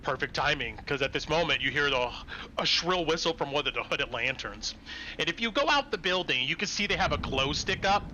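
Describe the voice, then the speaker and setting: A man runs a tabletop game, narrating scenes in an easygoing, descriptive way. His voice is bright and fairly high for a man. A faint hiss sits in the background. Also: expressive, a little fast, low-quality recording. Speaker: game master.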